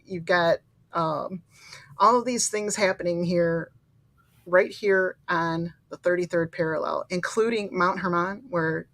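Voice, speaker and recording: A woman's voice: lowish voice, steady tone, measured pace, a bit bright. A woman co-hosting a podcast, chatting casually and agreeing enthusiastically with her co-hosts. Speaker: podcast co-host. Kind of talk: casual conspiracy chat.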